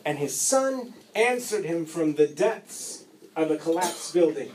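A male pastor delivering a sermon, telling a story dramatically with rising repetition and long pauses. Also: fairly high pitch, animated, a little mellow, a little hiss or hum.

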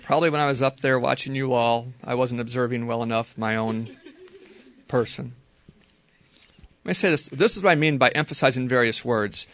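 Gravelly-voiced man teaching Scripture. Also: mid-range voice. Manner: relaxed, conversational, slow careful repetition. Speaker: Bible teacher. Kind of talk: informal Bible teaching to a group.

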